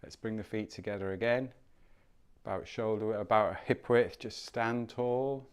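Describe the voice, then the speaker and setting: A man teaching a movement class, giving calm, unhurried cues with soft encouragement while he moves nearer to and farther from the mic. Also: on the low side, clean tone. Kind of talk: guided movement class instruction.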